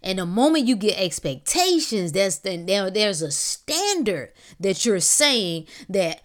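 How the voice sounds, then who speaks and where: Woman, motivational podcast host, preachy casual delivery, average pitch. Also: big pitch swings. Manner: preachy, emphatic, casual slang with drawn-out exclamations. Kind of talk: motivational monologue.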